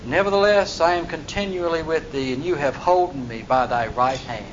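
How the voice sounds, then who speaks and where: A man's voice: on the high side, moderate pace. A man preaching a sermon, reading scripture verses aloud and then explaining them in plain, folksy talk. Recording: dull lo-fi recording with faint noise.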